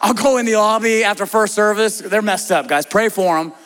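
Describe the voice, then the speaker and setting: High-voiced man preaching a lively sermon. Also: brisk, clear, resonant tone. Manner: conversational, asks the congregation direct questions; emphatic, shifts between loud stresses and soft, hushed prayer lines. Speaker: pastor.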